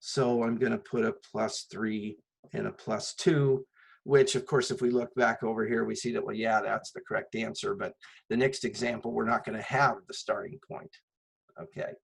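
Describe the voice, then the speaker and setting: In a low-quality classroom recording, a math instructor speaks in a fairly low, slightly rough voice with vocal fry and fairly even intonation, at normal speed. He patiently walks through each step, regularly posing rhetorical questions and then answering them.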